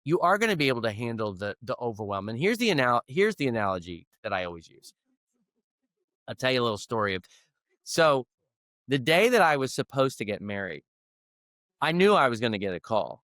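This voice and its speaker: A man's voice: medium pitch, very animated, a little fast, pauses often, a bit bright, dry recording, clean studio sound. A middle-aged man, a leadership coach, telling a personal story in an interview in an earnest, conversational way. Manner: earnest storyteller who acts out quoted dialogue.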